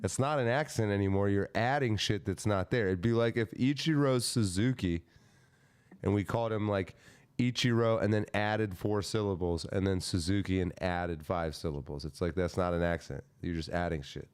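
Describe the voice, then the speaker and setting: A man's voice: deep voice, moderate pace, darkish tone, clean tone. A man hosting a live podcast, joking and rambling in casual banter. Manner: joking, rambling, laughs often. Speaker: podcast host.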